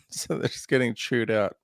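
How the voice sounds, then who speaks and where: A man's voice: mid-range voice, gravelly, dry recording, clean studio sound. A man hosting a podcast, chatting casually about a film with lots of laughs and fillers. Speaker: podcast host.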